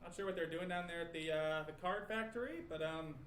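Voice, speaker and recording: A man's voice: on the high side, brisk, a bit bright, slight background noise, close to an everyday voice. An actor playing a hyped male card-pack-opening video host in a game clip, with gushing, salesy patter. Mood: excited. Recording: echoey room with faint ambience.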